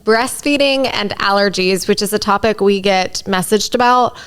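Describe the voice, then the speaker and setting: A woman hosting a podcast, upbeat and warm as she chats casually and introduces the guest. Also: medium pitch, normal speed, clear, resonant tone. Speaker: podcast host.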